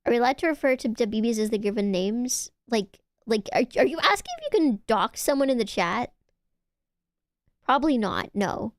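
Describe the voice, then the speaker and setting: A young woman with a fairly high voice chats with her viewers on stream, teasing them and cursing freely as she reads their messages out. Her voice comes through a close mic in a dry room. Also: moderate pace, no room sound. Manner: excitable, teasing, swears, reads chat aloud. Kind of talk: casual chat stream.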